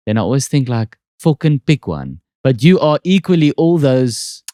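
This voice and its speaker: A man's voice: mid-range voice, sing-song, normal speed, warm tone, dry recording, studio quality. A man with an Afrikaans South African accent hosts a podcast in casual, joking, self-deprecating chat. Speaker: podcast host.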